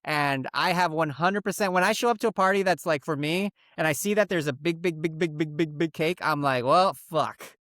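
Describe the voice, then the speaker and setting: A man's voice: a little high, fairly quick, hardly any pauses, dry recording, studio quality. A Mexican-American man in his thirties, a podcast co-host telling stories in casual chat, swearing freely and acting out what others said. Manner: animated storyteller, acts out quotes, swears freely.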